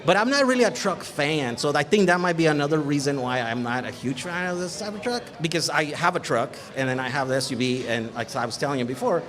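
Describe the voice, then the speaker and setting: A man's voice: a little high, expressive, fast talker, hardly any pauses, fairly bright tone. A man speaking as a guest in casual chat at a live event, frank and chatty, laughing often. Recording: crowd chatter behind.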